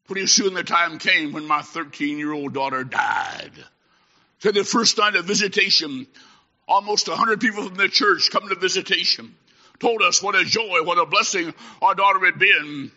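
A man preaches with fierce passion, his fairly high voice cutting and sharp as it rings through a long-echoing hall. He rises into shouted pleas and then drops to a hushed storytelling tone. The recording is dull and lo-fi. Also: moderate pace. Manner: impassioned, swings from shouted exhortation to hushed storytelling. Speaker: traveling preacher. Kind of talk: sermon. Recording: echoey hall, dull lo-fi sound.

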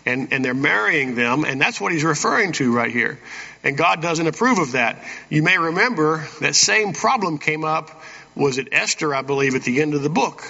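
A pastor preaches in a church, reading verses and pausing between points to ask the congregation "Amen?" in a folksy way. His voice sits fairly high, with lively intonation, a moderate pace, and vocal fry, and it sounds pushed and bright. The recording has the dull reverb of a church hall.

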